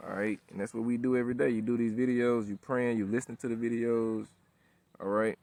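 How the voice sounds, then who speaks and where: This is a preacher, a man in his thirties, delivering a loose, casual street-style sermon full of slang and profanity, constantly asking "all right?" and "you know what I'm saying?". His medium-pitched voice is flat in delivery, a little fast, a little mellow, with vocal fry. There is no room sound.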